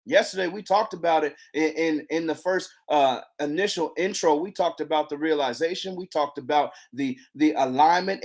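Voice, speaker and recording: An excitable devotional leader teaching a faith challenge to camera, breaking into bursts of praise and repeating lines for emphasis. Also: mid-range voice. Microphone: handheld camera.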